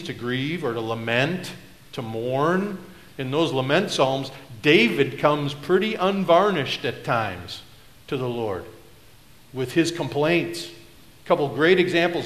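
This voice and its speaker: A middle-aged man preaches a sermon in a reverberant church sanctuary. His voice sits at an ordinary middle pitch. He rises to loud declarations, then drops to low, confiding asides. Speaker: pastor.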